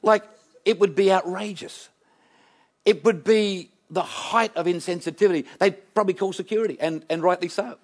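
Male minister, sermon delivery, fairly high voice, emphatic and repetitive. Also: moderate pace. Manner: emphatic, with rhetorical questions and repetition. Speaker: minister preaching an Easter sermon.

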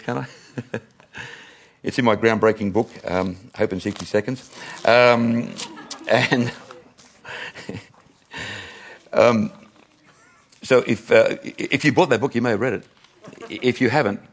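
A man's voice: lowish voice, normal speed, long pauses. An older man preaching a sermon to his congregation, chatty and self-mocking, often laughing with the crowd. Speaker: pastor.

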